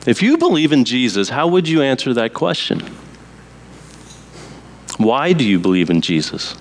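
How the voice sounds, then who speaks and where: A man who is a pastor, preaching a sermon in a slow, deliberate way with emphatic pauses. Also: medium pitch, big pitch swings, a little hiss or hum.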